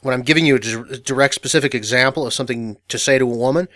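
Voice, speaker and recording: A man's voice: mid-range voice, quick pace, sharp tone, no echo, studio quality. A man teaching an instructional audio course in a matter-of-fact, casual way, full of fillers and restarts. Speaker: dating coach.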